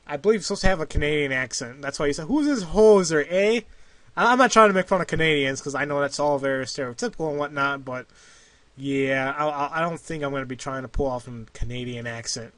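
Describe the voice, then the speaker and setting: A man's voice: a little high, quick pace, fairly bright tone, dry recording. A man hosting a let's play, chatting casually and rambling with self-corrections. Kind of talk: casual game commentary.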